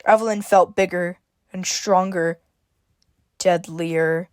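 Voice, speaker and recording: A woman's voice: lowish voice, level tone, moderate pace, dry recording, studio quality. A woman reading a scripted story aloud as narrator. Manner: reads dialogue with shifting emphasis, stammers for a frightened character.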